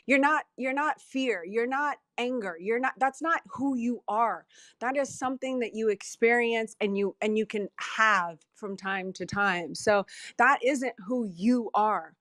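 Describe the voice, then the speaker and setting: Woman guest, higher register, emphatic motivational talker, dry close mic. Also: a little slow, no room sound. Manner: emphatic, self-deprecating, animated. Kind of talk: candid motivational talk.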